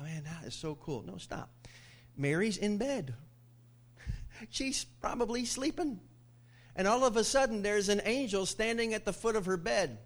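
Animated, high-voiced male pastor. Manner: animated storytelling with jokes and laughs. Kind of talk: sermon. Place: church.

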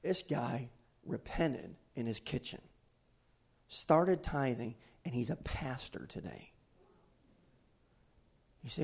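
A man's voice: medium pitch, moderate pace, vocal fry, pauses often, breathy edge. A middle-aged man preaching a sermon, telling a story and then urging his congregation on. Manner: animated storyteller, rising to exhortation. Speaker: pastor.

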